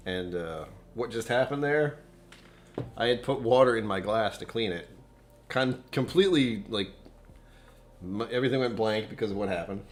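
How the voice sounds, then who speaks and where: A middle-aged man with a deep, low voice, chatting loosely on a home live stream. He rambles, pokes fun at himself and laughs a lot. A faint hum of room noise sits behind him. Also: moderate pace, long pauses. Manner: rambling, self-deprecating, laughs often. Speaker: whiskey channel host. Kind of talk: casual live-stream chat.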